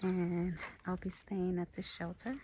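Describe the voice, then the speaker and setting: A woman talks to her camera as she hikes a mountain trail, unhurried and a little low, and lights up easily at what she sees. She is sometimes short of breath from climbing, and faint outdoor noise sits behind her voice. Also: completely flat delivery. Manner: chatty, easily delighted narration to camera. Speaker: hiking vlogger. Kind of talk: casual trail vlog.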